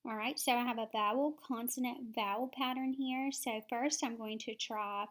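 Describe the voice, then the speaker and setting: A woman teaching phonics, explaining each step slowly and sounding words out syllable by syllable. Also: on the high side. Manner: slow, deliberate, sounding words out.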